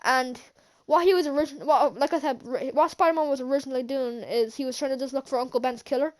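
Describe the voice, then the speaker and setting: This channel host and film reviewer has a high, darkish voice and talks at a quick pace. She casually recaps a movie for her vlog, rambling with lots of fillers and restarts and chuckling often as she recounts scenes.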